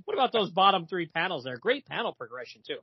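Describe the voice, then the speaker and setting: A man's voice: high-pitched, very animated, fast, breathy edge, no room sound, lo-fi sound. A man co-hosting a comics podcast in casual chat, retelling the story with lots of fillers. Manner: chatty retelling full of fillers, reads lines aloud.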